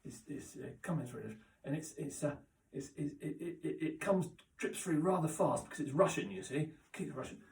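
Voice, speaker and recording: A man's voice: fairly high pitch, expressive, creaky, darkish tone. Rambling man in a roomy room. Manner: rambling, halting, full of restarts and asides. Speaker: comic character host. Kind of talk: rambling deadpan comedy monologue. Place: chilly indoor room. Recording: roomy echo, mic at a distance.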